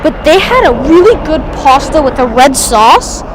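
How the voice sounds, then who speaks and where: Woman, high pitch, live outdoor airport streamer, chatty and rambling, with faint background noise. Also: big pitch swings, moderate pace, hardly any pauses. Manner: chatty, enthusiastic, rambling with restarts. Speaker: live plane-spotting streamer. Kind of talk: live aviation commentary.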